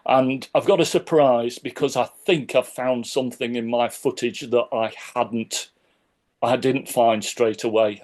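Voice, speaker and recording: A man's voice: medium pitch, a little mellow. Chatty man, cheerful attendee testimonial. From Sheffield, England. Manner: bubbly, superlative-heavy, chatty. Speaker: conference attendee. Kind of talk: casual testimonial.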